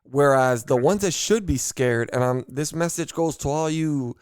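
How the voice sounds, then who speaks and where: A man's voice: fairly high pitch, moderate pace, clean tone, no room sound, clean studio sound. A man from Miami hosting a casual political podcast, talking in a blunt, unfiltered and profane way. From Miami, United States. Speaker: podcast host.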